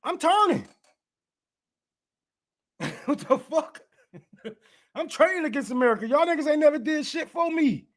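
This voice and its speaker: A man's voice: very high-pitched, expressive, unhurried, pauses often, a bit bright. A man giving a casual political rant, profane and heated, laughing often as he talks. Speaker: political commentator.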